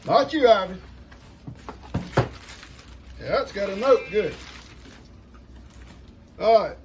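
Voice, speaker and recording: An older man talks in a folksy, rambling way, chuckling as he goes. His voice sits high for a man and swings up and down a lot. A steady hiss of noise runs under the recording. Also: slow pace. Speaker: vlogger opening gifts. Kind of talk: casual chat to viewers.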